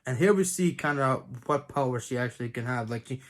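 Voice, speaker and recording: A young man giving a casual spoken review, rambling and hesitant, often clearing his throat between thoughts. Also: mid-range voice, a little fast. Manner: rambling, hesitant, many fillers and restarts, frequent throat clearing. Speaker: video reviewer.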